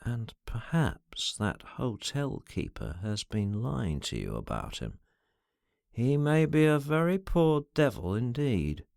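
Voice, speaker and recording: A male reader plays a languid gentleman who speaks in an unhurried, tolerant murmur with a cool edge. The delivery is slow and quiet, in a dry, close recording. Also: fairly high pitch, sing-song, clean tone, no echo, pitched above the performer's own voice.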